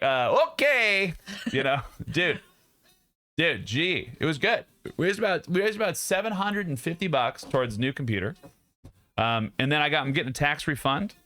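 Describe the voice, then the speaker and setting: A man's voice: mid-range voice, fairly bright tone, dry recording. A young man streaming live, chatting casually with his viewers and joking and laughing a lot.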